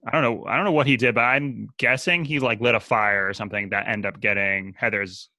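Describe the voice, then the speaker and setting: A man's voice: lowish voice, fairly quick, pushed and bright, dry recording. A man, co-hosting a casual book podcast, joking and swearing casually. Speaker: podcast co-host. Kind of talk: casual chat.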